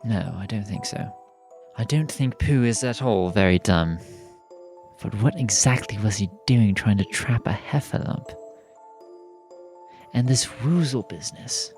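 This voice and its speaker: A man playing his character in a casual tabletop role-playing game, playful and expressive. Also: lowish voice, a little slow, pauses often, soft background music. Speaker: player.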